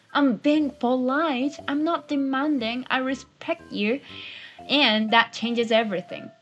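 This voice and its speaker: On a New Zealand-based channel, a Japanese language teacher with a medium-pitched voice gives a friendly travel language lesson, encouraging learners through basic phrases. She models each one slowly and deliberately, her voice rising and falling through the examples, while soft music plays underneath.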